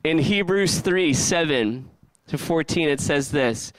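A male pastor preaching a sermon with lively, animated delivery, often asking the listeners questions and acting out the characters he talks about. His voice sits a little high for a man and is smooth and resonant. The sound is dry and close. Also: takes it slowly, no room sound.

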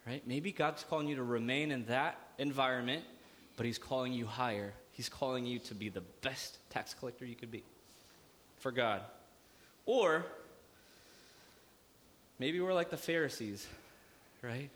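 Pastor, man, lively, joking sermon, hall reverb. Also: medium pitch, unhurried, long pauses, slight background noise. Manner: lively preaching with jokes and acted-out asides. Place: church hall.

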